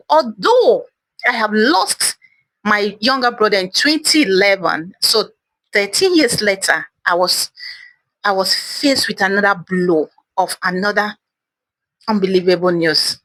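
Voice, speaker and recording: An African woman who hosts a channel delivers a personal testimony monologue about losing a loved one. She speaks earnestly and emotionally in a medium-pitched, slightly bright voice, often repeating words, recorded dry.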